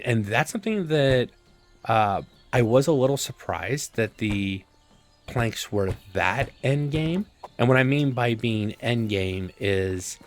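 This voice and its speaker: A man casually commenting on his gameplay, thinking aloud with relaxed fillers. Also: medium pitch. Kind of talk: casual let's-play commentary.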